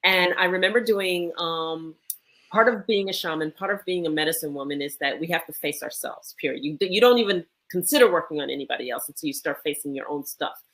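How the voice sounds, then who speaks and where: Woman w a lowish voice, medicine woman telling a story, animated and emphatic, lots of repeats. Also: fairly quick. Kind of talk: storytelling in a conversation.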